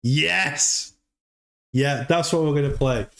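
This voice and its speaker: A man's voice: a little high, takes it slowly, creaky, a bit bright. A man hosting a casual livestream, rambling and repeating words as he chats. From United Kingdom. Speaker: livestream host.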